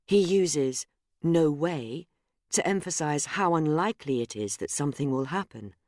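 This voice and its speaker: A narrator reading a scripted grammar lesson in a measured, explanatory way, speaking example sentences aloud. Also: medium pitch, animated, darkish tone, dry recording, clean studio sound. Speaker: course narrator.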